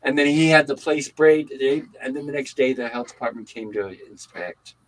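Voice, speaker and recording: An older man hosting a livestream, chatting casually and telling animated stories. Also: mid-range voice, moderate pace, low-quality recording. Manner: animated storytelling. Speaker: livestream host. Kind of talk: casual chat.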